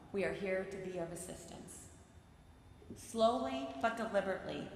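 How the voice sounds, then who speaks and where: Woman, sermon from a pulpit, earnest and measured, mid-range voice, faint hiss behind. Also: mid-range voice. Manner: measured, earnest reading of prepared remarks. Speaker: lay speaker giving a sermon. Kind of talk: prepared sermon delivered from the pulpit. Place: large synagogue sanctuary. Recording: very echoey sanctuary with long reverb.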